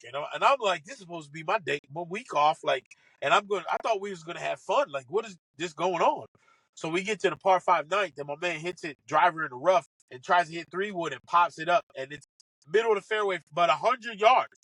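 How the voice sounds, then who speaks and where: High, bright-voiced man telling stories. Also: no room sound, rough recording. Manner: fast, excitable, acts out other people's quotes. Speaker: podcast guest, former caddy. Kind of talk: animated storytelling.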